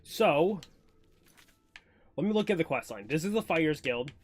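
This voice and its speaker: A man's voice: on the high side, lively intonation, normal speed, faint music behind. A male streamer giving casual gameplay commentary, rambling and thinking aloud.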